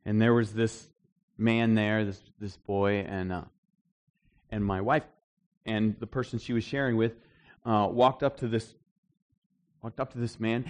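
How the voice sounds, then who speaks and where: A middle-aged man, a pastor, preaching a conversational sermon to a congregation in a church hall. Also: medium pitch. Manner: conversational teaching, animated and emphatic at points.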